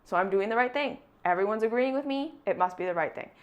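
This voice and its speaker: A woman vlogger telling a candid personal story in an earnest, reflective way, moving between brisk and slow deliberate phrasing. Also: on the high side, animated.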